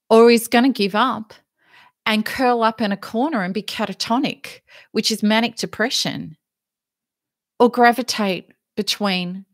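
A woman's voice: medium pitch, no room sound, clean studio sound. Earnest woman giving a motivational talk. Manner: earnest, emphatic, uses analogies. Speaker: self-help teacher.

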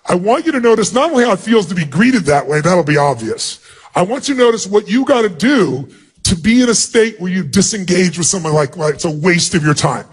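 Motivational speaker, male, husky and fairly high, loud commanding stage delivery in a big arena. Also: sing-song. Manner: loud, commanding, acts out quick little scenes. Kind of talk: seminar talk to a large audience. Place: large arena.

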